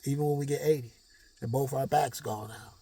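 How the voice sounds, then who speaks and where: A man's voice: medium pitch, steady tone, a little fast, gravelly, mellow, breathy edge. A man vlogging a rambling, slangy motivational monologue.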